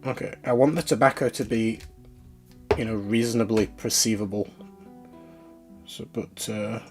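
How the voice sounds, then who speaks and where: A man's voice: on the low side, normal speed, faint music behind. A man chatting casually on a live stream as he works, thinking aloud and talking to his viewers.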